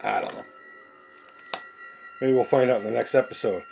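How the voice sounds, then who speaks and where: A man's voice: medium pitch, moderate pace, vocal fry, a little mellow, faint music behind, rough recording. A man in his forties hosting a casual unboxing video, rambling and swearing freely with a joking, laughing manner. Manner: rambling, profane and jokey, with laughs. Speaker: collectibles video host.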